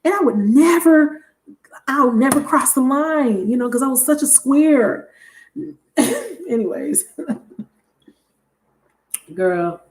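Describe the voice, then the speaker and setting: A woman hosting a live tarot reading stream, telling a story in a casual, animated and blunt way. She laughs often and swears freely. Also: sits high, slow, long pauses, a little hiss or hum. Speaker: tarot reader livestream host. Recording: roomy echo.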